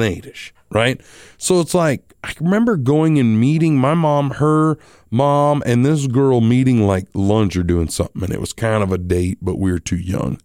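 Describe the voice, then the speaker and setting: A man's voice: mid-range voice, a little mellow, dry recording, clean studio sound. Rambling, chuckling man telling stories. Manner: rambling, laughs often, self-deprecating. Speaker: podcast host. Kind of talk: casual storytelling monologue.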